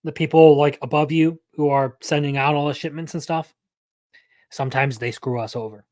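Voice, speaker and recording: A man's voice: a little high, fairly even intonation, normal speed, a little mellow, dry recording. A young man hosting a live anime news stream, talking casually and rambling, often correcting himself mid-sentence.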